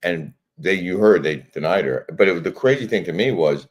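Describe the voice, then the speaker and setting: A man with a very deep voice chats casually on a live stream. He tells a funny story in a dry, wry way. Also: expressive, brisk, breathy edge. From United States. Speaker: co-host.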